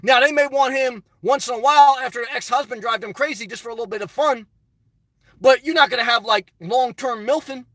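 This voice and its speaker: High-voiced, blunt middle-aged man. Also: fairly quick, fairly bright tone, no room sound, recorded from a distance. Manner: blunt, opinionated, rambling. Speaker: channel host answering live chat. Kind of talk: casual live-stream chat.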